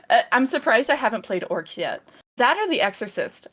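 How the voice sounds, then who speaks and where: A woman's voice: on the high side, very animated, moderate pace, fairly bright tone, breathy edge. A woman interviewing a vtuber guest in a casual, bubbly way, giggling and stumbling over her words.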